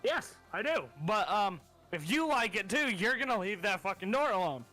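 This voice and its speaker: A man's voice: high-pitched, expressive, normal speed, pushed and bright, faint music behind. A man playing in an online tabletop game, talking in a casual, crude and teasing way. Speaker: player.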